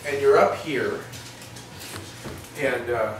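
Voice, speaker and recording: A man's voice: medium pitch, slow. A man, a veterinarian, explaining and demonstrating in a folksy, rambling way full of restarts, recorded in a clinic exam room. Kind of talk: instructional demonstration. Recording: roomy, distant, faint noise.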